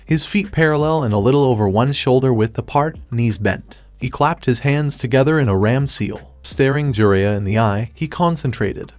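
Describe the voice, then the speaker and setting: A man narrating a fan story in a steady, even reading voice. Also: mid-range voice, normal speed, hardly any pauses, dry recording.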